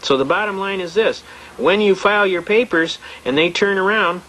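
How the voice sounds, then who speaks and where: Bright, forceful, and high-pitched, this man's voice moves at a moderate pace through poor audio marked by a faint hiss or hum. He gives a blunt, folksy seminar on representing yourself in court, spinning anecdotes while repeatedly restarting and repeating himself.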